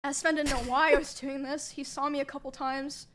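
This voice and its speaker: A woman quietly recounting a personal experience, subdued and hesitant with many pauses and ums. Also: sits high, level tone. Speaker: streamer telling a personal story. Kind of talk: soft-spoken personal account.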